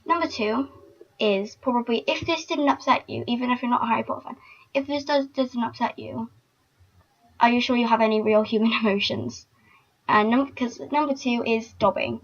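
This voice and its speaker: A woman's voice: on the high side, moderate pace. A young woman vlogging casually, chatty and emotional, with lots of filler words. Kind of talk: casual fan vlog. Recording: dull lo-fi recording.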